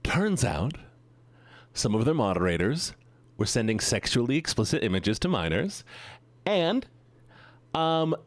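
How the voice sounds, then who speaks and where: A man's voice: medium pitch, very animated, measured pace, pauses often, no room sound. A man streaming and chatting casually with his viewers, rambling and joking as he gets sidetracked.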